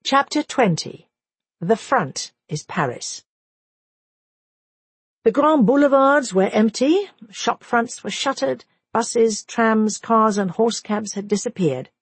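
A woman reading a history audiobook as narrator, in a measured, even scripted narration. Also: a little high, husky, no room sound.

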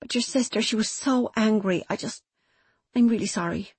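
A woman's voice: fairly high pitch, normal speed, a little mellow, husky, no echo. Woman reading as an earnest, apologetic mother. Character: woman, remorseful young mother. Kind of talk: audiobook character voice.

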